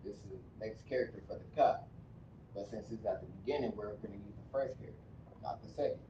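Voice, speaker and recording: A man teaching script and pronunciation in a slow, repetitive lesson, often stopping to correct himself. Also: fairly low pitch, dark tone, slight background noise. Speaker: language teacher. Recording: distant, dull, echoey room recording.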